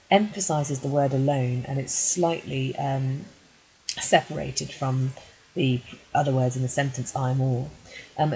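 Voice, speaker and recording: A woman English teacher reading a poem aloud and then analysing it line by line in a measured way, with frequent ums. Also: deep voice, warm tone, low-quality recording. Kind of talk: poetry analysis lesson.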